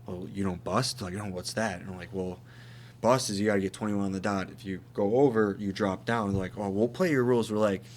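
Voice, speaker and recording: Young male podcast co-host, low voice, rowdy storyteller. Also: brisk, a little hiss or hum. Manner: animated, swearing, laughing while telling stories. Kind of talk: casual storytelling chat.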